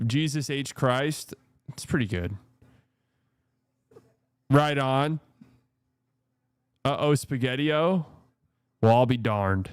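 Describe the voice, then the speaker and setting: Smooth-voiced joking male streamer. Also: mid-range voice, a little mellow, no room sound. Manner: joking, chatty, swears casually. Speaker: live stream host. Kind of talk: casual live stream watch-party commentary.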